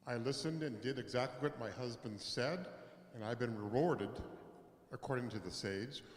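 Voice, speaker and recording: Guy playing an obedient wife, quiet, far off in an echoey hall. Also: medium pitch, animated, normal speed, natural voice. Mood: earnest. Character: obedient ancient wife, woman.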